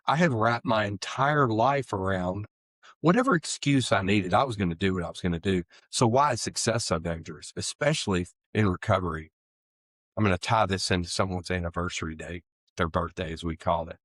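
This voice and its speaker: Earnest low-voiced middle-aged man. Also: a little fast, dry recording. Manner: earnest, animated when acting out his old excuses. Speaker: guest sharing recovery story. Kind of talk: candid storytelling interview.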